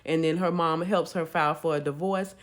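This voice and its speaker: A woman's voice: low voice, brisk. A woman casually retelling a dramatic story and acting out each person's lines. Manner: animated retelling, acting out quotes.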